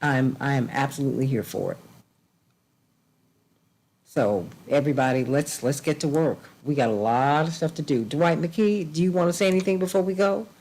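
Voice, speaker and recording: A woman's voice: sits low, normal speed, a little mellow, poor audio. A woman hosting a talk show and signing off, effusive and emphatic, repeating blessings and affection with a preacherly rhythm.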